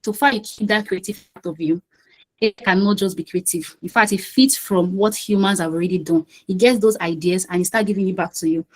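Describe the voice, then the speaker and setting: A woman's voice: medium pitch, a little fast, low-quality recording. A woman hosting an online quiz session on a video call, chatty and coaxing, often repeating herself. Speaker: quiz host and session facilitator.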